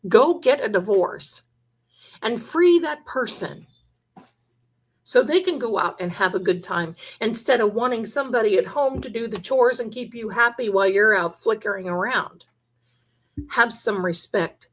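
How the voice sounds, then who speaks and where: A woman with a slightly high, somewhat bright voice hosts a psychic livestream and tells her viewers stories. Of Italian heritage, she's chatty and emphatic and tends to slip into quoted voices.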